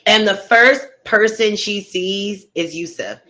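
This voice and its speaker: A woman's voice: medium pitch, takes it slowly, hardly any pauses, pushed and bright, low-quality recording. A woman casually recapping a true-crime story while eating, in a slangy, conversational way. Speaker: storytelling host.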